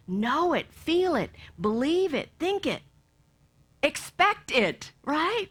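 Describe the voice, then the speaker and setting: A woman minister giving a sermon, lively, acting out bits of the story and dropping to soft near-whispers for emphasis. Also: sits high, measured pace. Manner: animated, acts out voices, drops to soft near-whispers.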